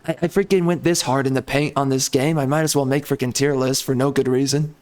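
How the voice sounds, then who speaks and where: A man's voice: mid-range voice, fairly even intonation, brisk, darkish tone. A man giving casual gameplay commentary as a video creator, ranting in frustration with frequent mild cursing.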